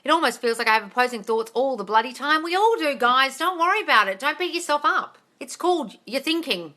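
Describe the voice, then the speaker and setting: A woman's voice: high-pitched, animated, fairly quick, pushed and bright. A woman coaching viewers on a live stream, reading out their comments and answering bluntly, swearing casually and calling them darling.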